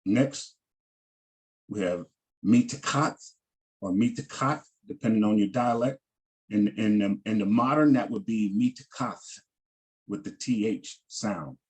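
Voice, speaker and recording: Slow, husky-voiced man teaching vocabulary. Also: on the low side, warm tone. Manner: repeats words and pronunciations, frequent "all right". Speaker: Hebrew language teacher. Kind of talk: slow vocabulary lesson over shared screen.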